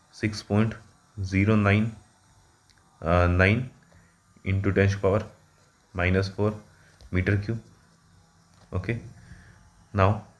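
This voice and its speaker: A man working through an engineering problem at a whiteboard, halting often with fillers and self-corrections. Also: fairly low pitch. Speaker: engineering exam tutor.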